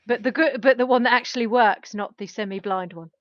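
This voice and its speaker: A woman's voice: a little high, fairly quick, dry recording. Young woman on a dull lo-fi mic. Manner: self-deprecating, rambling with restarts. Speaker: gaming co-host. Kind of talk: casual gaming chat.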